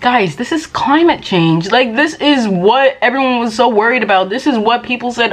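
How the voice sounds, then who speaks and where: A woman's voice: on the high side, moderate pace, hardly any pauses. A woman vlogging in casual chat, rambling and exasperated, talking while she eats.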